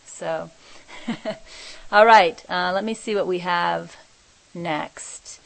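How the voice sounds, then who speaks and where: Soft-spoken woman reading spiritual messages. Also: fairly low pitch, drawn-out words, gravelly, no echo, poor audio. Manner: soft-spoken, reflective, often laughing. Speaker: spiritual teacher.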